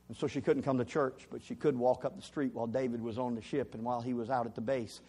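A man as a pastor, preaching a sermon as an animated story with rising emphasis. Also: mid-range voice, fast talker, few pauses, slightly rough.

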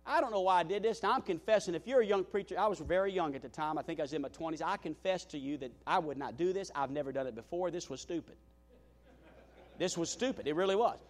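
A male pastor with a high voice preaching to his congregation. He tells stories with animated energy and pokes fun at himself. Many restarts, with "you know" scattered through. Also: rapid-fire, few pauses. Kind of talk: sermon storytelling.

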